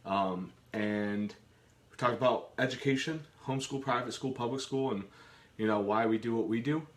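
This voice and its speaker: A mid-range male voice at a moderate pace co-hosts a live Q and A in his home kitchen. He rambles casually and jokes around, often trailing off and beginning again.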